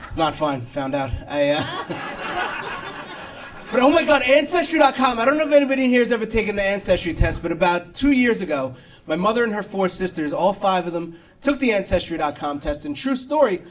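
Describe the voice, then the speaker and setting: A man's voice: high-pitched, very animated, brisk. A man in his thirties from New York doing a stand-up comedy set with brash, self-deprecating punchlines. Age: 30s. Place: comedy club stage. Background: audience laughter.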